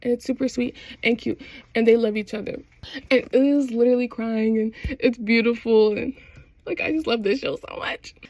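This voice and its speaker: Woman, higher voice, casual chatty recap, slangy, laughing, dry close sound. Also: steady tone, moderate pace, darkish tone, dry recording. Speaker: vlogger.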